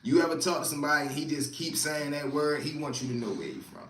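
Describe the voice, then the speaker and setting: A man with a Baltimore accent and a fairly high voice hosts casual storytelling at a quick pace, in an echoey room with a little hiss or hum. He's animated and slangy, telling stories loosely and loudly acting out other people's voices.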